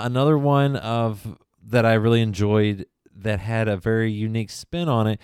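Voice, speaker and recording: A man's voice: lowish voice, a little mellow, clear, resonant tone, no room sound, clean studio sound. A man hosting a podcast, introducing past episodes in a casual, enthusiastic way with plenty of "uh"s. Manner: enthusiastic, chatty with many fillers. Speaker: podcast host. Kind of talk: casual recap narration.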